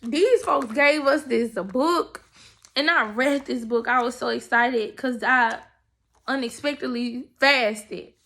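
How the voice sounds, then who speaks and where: A young woman telling her faith testimony in a casual, animated, emotional way, talking straight to her listeners. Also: on the high side, takes it slowly. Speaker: person sharing a faith testimony. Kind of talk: casual storytelling.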